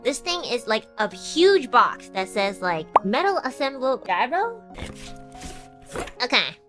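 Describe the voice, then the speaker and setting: A woman's voice: a little high, sing-song, slow pace, over music. A young woman streamer chatting casually and animatedly, laughing and swearing as she talks. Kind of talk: casual chat.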